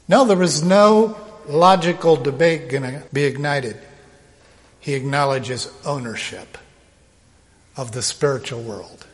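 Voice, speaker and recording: Man, preacher, sermon, emphatic, slow delivery, somewhat high voice, long hall reverb. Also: expressive.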